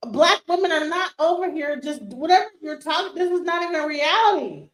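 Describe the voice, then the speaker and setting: A woman's voice: very high voice, brisk. A middle-aged woman hosting a livestream, ranting in a heated, profane way and firing off rhetorical questions. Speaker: streamer host. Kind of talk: livestream commentary reacting to a clip. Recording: roomy echo.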